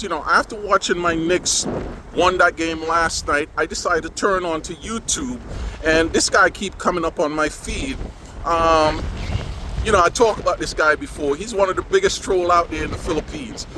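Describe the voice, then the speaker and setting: Wind and traffic fill the background as this man, fairly high-pitched and speaking at normal speed, vlogs outdoors around town. Sometimes walking windy streets and sometimes driving, he rambles sarcastically and casually, saying "man" a lot.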